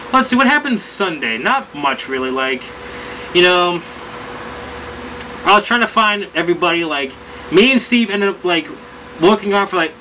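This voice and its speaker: High bright-voiced man rambling a story. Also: a little hiss or hum, poor audio. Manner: rambling, animated, lots of fillers. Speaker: vlogger. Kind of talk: casual storytelling recap.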